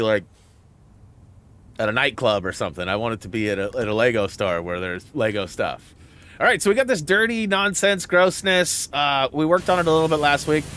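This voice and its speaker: A man's voice: medium pitch, smooth. A middle-aged man hosting a gaming channel, chatting casually and acting out quotes, laughing often as he tells stories over gameplay. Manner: animated storyteller who acts out quotes, laughs often. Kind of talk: casual gameplay commentary and storytelling.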